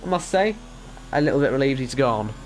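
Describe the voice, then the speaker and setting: A man's voice: mid-range voice, animated, a little fast, slight background noise. A Northern Irish man casually commentating an online race league stream, rambling, joking at his own expense and reading out chat messages.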